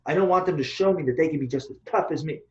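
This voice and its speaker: A man's voice: a little high, very fast. A man co-hosting a casual discussion, talking bluntly and swearing freely as he rants. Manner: blunt, profane, animated ranting. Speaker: co-host, Taoist teacher. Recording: echoey room, dull lo-fi sound.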